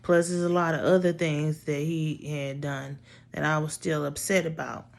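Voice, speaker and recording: A woman's voice: low voice, level tone, normal speed, gravelly, a little mellow. A woman casually telling a personal story in a blunt, profane, exasperated way.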